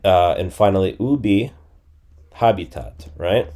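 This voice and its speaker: Slow, mellow-voiced man in his forties. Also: deep voice, expressive, slight background noise. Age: 40s. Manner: thinking aloud, guessing phrases and repeating them. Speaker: language teacher. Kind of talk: casual screen-recorded lesson.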